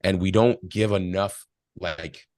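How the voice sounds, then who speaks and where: A man's voice: deep voice, steady tone, slow pace, darkish tone, no echo. A man talking casually and reflectively as a podcast guest, telling stories with quoted voices. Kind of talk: casual spiritual talk.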